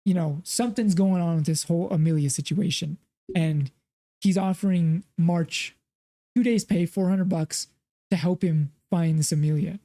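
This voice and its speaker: A man's voice: fairly high pitch, mellow. A man co-hosting a film podcast, retelling scenes in a rambling, casual way with lots of fillers. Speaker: podcast co-host. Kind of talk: casual film review chat.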